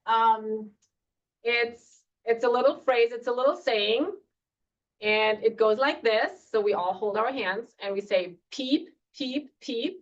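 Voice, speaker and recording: Woman teacher, unhurried and relaxed, fairly high voice, recorded distant and muffled in a classroom. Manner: relaxed, many fillers, slow deliberate pronunciation of German words. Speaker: German teacher for parents. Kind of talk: casual classroom lesson. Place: school classroom.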